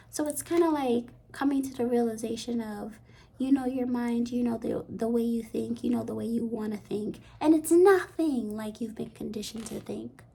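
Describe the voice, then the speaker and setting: Husky, gravelly-voiced woman reading tarot. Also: a little high. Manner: soft, rambling, often slipping into a half-whisper. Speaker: tarot card reader. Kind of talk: intuitive pick-a-card reading.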